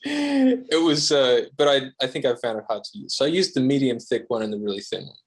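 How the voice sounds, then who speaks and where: A man's voice: mid-range voice, expressive, fairly quick, husky. A man with an Australian accent, a guest guitarist on a podcast, talking casually and self-deprecatingly with lots of fillers and restarts.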